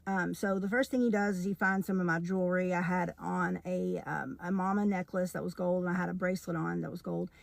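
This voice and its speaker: A woman telling a personal story in a casual storytime, earnest and hesitant, filling pauses with fillers while she paints. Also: fairly low pitch, steady tone, vocal fry. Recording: echoey room with long reverb.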